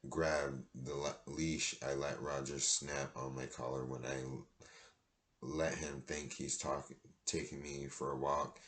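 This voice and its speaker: Man reading a storybook aloud, very low, monotone, some stumbles. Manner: plain reading with stumbles and restarts. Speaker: reader.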